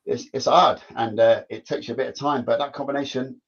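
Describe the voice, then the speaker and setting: A man's voice: mid-range voice, fairly even intonation, fairly quick, breathy edge. A man, a former footballer telling stories in casual chat, rambling and repeating himself. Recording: dull lo-fi sound.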